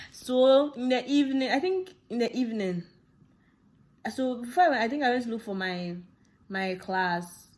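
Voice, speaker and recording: A woman's voice: a little high, normal speed. A young woman with a Ghanaian English accent, telling a casual personal story and acting out the dialogue with laughs. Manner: animated, laughing, acts out dialogue. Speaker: vlogger.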